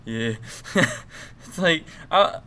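A man's voice: on the high side, lively intonation, extremely slow, pushed and bright, slight background noise. A young man co-hosting a podcast, rambling through crude, joking stories with lots of fillers. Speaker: podcast co-host. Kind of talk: casual chat.

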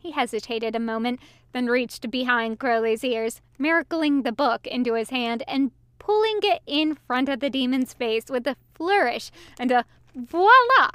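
Woman reader for fan fiction audiobook, high smooth voice, expressive. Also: normal speed, no room sound, studio quality. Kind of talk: reading fan fiction aloud.

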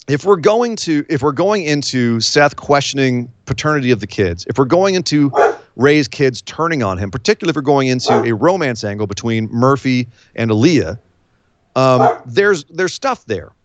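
A man's voice: mid-range voice, noisy background. A man co-hosting a podcast, recapping wrestling in casual chat and acting out quotes in voices. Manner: animated, acts out quotes in voices. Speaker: podcast co-host.

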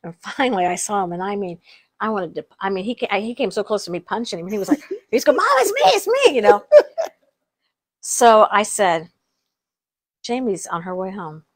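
A middle-aged woman tells family stories in easy, casual chat. She laughs often and restarts her sentences as she goes. Her voice sits at an ordinary middle pitch. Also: moderate pace, pauses often. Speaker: podcast co-host.

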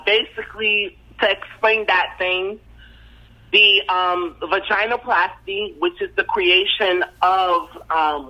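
A woman in her thirties with a Caribbean patois-tinged accent, a singer-songwriter and student, speaking calmly and self-assuredly as a podcast guest over the phone. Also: on the low side. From Haitian descent. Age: 30s. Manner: calm, explanatory and self-assured. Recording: dull phone-line recording.

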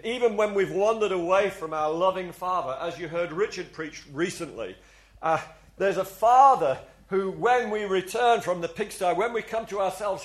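A man preaching a sermon to a congregation, earnest and confessional, often restarting his words and leading the people in saying things together. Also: high-pitched. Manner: leads the congregation in call-and-response. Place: church before a congregation.

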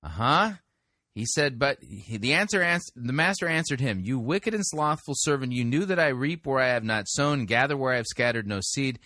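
A man's voice: mid-range voice, expressive, normal speed, pushed and bright, no echo, clean studio sound. A man hosting a show who reads scripture aloud and corrects a sermon's retelling of it. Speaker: host reviewing a sermon. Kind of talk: critical commentary with scripture reading.

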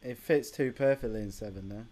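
A young man co-hosting a podcast, speaking quietly and casually. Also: medium pitch, fairly quick. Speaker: podcast co-host. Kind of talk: casual chat. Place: home, remote call.

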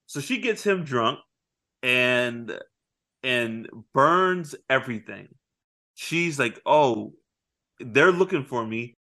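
A man's voice: medium pitch, expressive, bright, forceful tone. Man retelling a movie, acting out lines. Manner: retells scenes, acting out lines in quick voices. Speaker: podcast co-host. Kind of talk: casual movie review chat.

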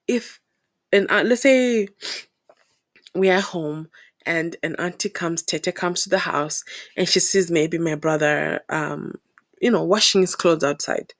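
A young woman from Zimbabwe talking to the camera in a casual, opinionated monologue, animated and exasperated, laughing often. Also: fairly low pitch, a little slow. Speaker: vlogger.

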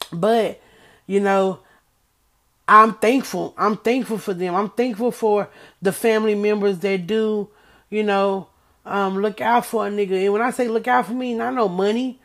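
A woman chatting casually to her viewers and reading aloud from a book, emphatic, repeating herself and stuttering when she gets excited. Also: medium pitch, unhurried.

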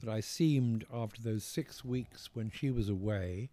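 An older man with a posh English accent, his voice mellow and dark, talking slowly and reflectively as an interviewed author. He often stops, restarts and circles back to a thought. The sound is close and dry, with no room around it. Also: fairly low pitch, dry recording.

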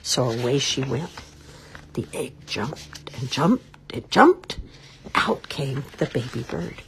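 A woman reading a children's story aloud in an expressive, sing-song storybook manner. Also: extremely low pitch, slow pace, a little hiss or hum.

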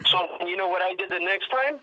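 A man on a podcast, telling animated stories in profane street slang and acting out what people said. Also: sits high, fairly quick, dull audio. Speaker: activist guest. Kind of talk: casual podcast storytelling.

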